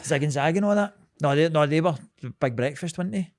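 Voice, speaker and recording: A Scottish man in his thirties co-hosts a podcast, his fairly high voice moving fast as he tells a story. The chat is casual, lively and sweary, and he laughs through it, on a dry, clean studio recording.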